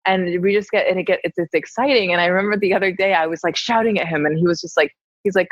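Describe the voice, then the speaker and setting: A woman telling a candid personal story in conversation, animated and laughing often. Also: fairly low pitch, quick pace, no echo. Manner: animated, laughs often, acts out her own quoted lines. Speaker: podcast conversation partner. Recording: dull, dry lo-fi sound.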